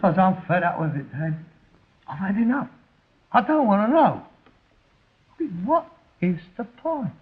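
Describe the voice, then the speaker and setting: A gloomy sardonic London rag-and-bone man. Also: sits high. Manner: sarcastic, theatrical, self-pitying. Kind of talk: 1960s sitcom acting. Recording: tinny old television audio.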